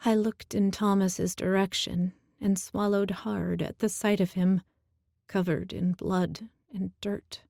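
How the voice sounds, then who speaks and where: Reading a first-person fantasy audiobook, this woman tells the story in a slow, emotional way on a close studio mic without echo. Her medium-pitched voice is mellow and creaky, with a level tone.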